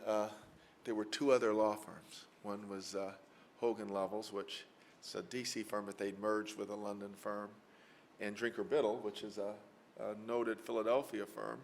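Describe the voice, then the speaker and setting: A Mississippi lawyer lectures to an audience in a lecture hall, answering with folksy, anecdotal stories packed with fillers. His voice sits on the low side, and there's slight background noise.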